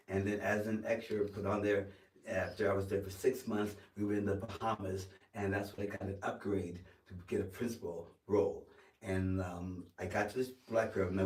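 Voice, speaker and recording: Male actor guest, lowish voice, lively storyteller, recorded in an echoey room from a distance. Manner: animated storyteller, acts out quoted lines, some stammering restarts. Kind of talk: storytelling interview. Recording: roomy sound from a distance.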